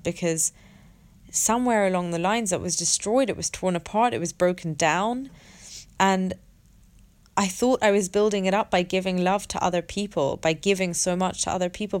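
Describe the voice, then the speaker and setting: A woman sharing a personal story in a candid monologue, reflective and halting, with many restarts and fillers. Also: fairly low pitch. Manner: earnest and open, swears casually.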